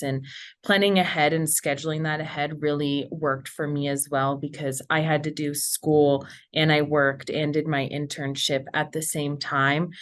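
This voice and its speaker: A young woman in her twenties speaking as a panelist, telling her story in an earnest, upbeat way. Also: deep voice. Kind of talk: casual panel talk.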